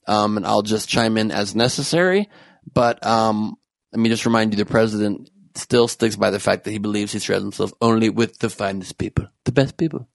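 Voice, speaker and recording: A man hosting a podcast who does stand-up, chatting about political news with wry quick jokes. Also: on the low side, steady tone, vocal fry, no room sound. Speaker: podcast host and comedian. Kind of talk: casual political chat.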